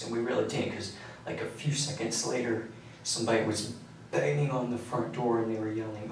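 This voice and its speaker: Quiet teenage man in an echoey room. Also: medium pitch, flat delivery. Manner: quiet, halting, with many fillers. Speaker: suspect under interrogation. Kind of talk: recounting events in a police interview. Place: interrogation room. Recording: echoey room, distant mic, faint hiss.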